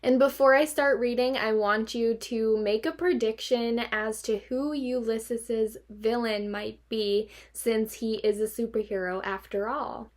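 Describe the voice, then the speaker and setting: Teacher reading a chapter book aloud to students, bright higher voice, expressive. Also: female voice, a little slow, few pauses. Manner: expressive, lively read-aloud.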